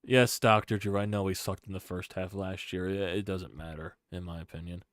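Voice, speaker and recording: A man's voice: low-pitched, fairly even intonation, brisk, no room sound. Frustrated man ranting on a stream. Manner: frustrated ranting, swinging from shouting to muttering. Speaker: sports fan streamer. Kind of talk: live-stream sports rant.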